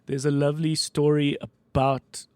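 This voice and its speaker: A man, hosting a podcast in casual chat and telling stories with lively swings in pitch. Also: smooth, dry recording. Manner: animated storyteller with quick pitch jumps. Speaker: podcast host.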